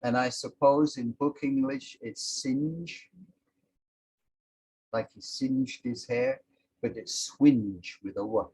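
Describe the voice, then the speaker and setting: Slow, deliberate male language teacher. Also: mid-range voice, a little mellow, husky, poor audio. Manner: slow and explanatory, sounding out each word with emphasis. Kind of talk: recorded language lesson.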